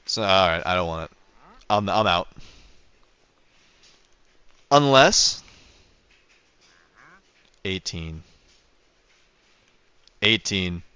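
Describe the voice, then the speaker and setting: A young man streams a game and chats with his viewers, rambling and correcting himself as he goes. His voice is smooth and clear, dry and close, though the mic sounds dull and lo-fi. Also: sits low, expressive, extremely slow, long pauses, bright, forceful tone, no room sound. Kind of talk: casual livestream commentary.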